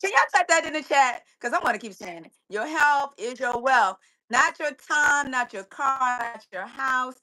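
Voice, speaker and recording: A woman with a high, bright voice talks in a casual, motivational way. She tells a story, preaches her point and repeats her key phrases over and over. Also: animated, normal speed, hardly any pauses, poor audio. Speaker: fitness business owner, guest.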